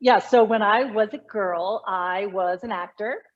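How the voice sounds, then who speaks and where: Woman, middle-aged, communication coach, animated explaining, restarts, dull muffled sound. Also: medium pitch, measured pace. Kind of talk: conversational interview.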